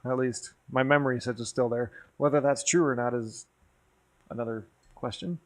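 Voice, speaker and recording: A man's voice: medium pitch, steady tone, normal speed. A man from Wisconsin streaming from his garage, telling rambling, profane nostalgic stories in casual chat. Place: home garage with a green screen.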